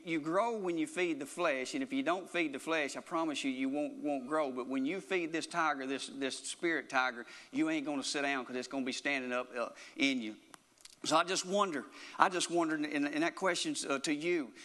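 A man's voice: fairly high pitch, bright, forceful tone, big-room sound. A man preaching a sermon in an earnest, repetitive way, often restarting his phrases.

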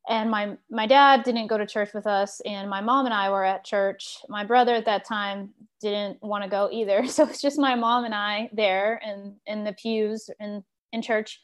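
A woman from Texas who leads a sharing circle, telling a personal story in a lively, animated way and laughing as she goes. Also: medium pitch, normal speed. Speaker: group facilitator.

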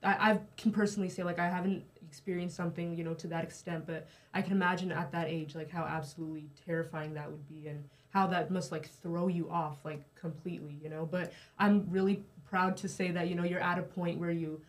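A woman's voice: on the low side, steady tone, a little fast, few pauses, rough recording. A woman interviewing a guest in casual talk, supportive, with frequent fillers.

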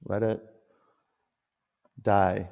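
A male yoga teacher with a low, gravelly voice calls out poses and drifts into relaxed, rambling stories. His talk has a loose, easy flow. The sound rings out with long reverb, as if in a large hall. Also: extremely slow, lo-fi sound. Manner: relaxed, rambling storytelling between pose cues. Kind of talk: guiding a yoga class with chatty asides.

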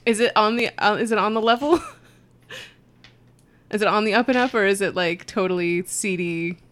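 A woman playing in a tabletop game, casual and lively, asking quick questions. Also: medium pitch. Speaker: player.

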